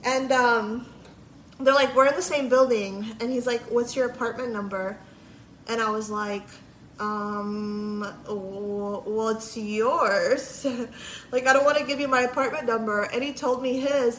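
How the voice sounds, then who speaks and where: A female livestreamer with a fairly bright, higher-pitched voice talks at a measured pace through a long, chatty story, quoting others, swearing freely and using "like" often. The room echoes, with faint noise in the background.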